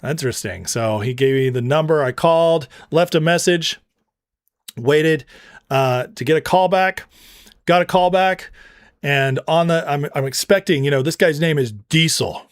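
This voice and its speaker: A man's voice: on the high side, a little slow, clean tone, no room sound, studio quality. A man hosting a political commentary show, ranting with heated scorn and slipping into storytelling asides. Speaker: show host.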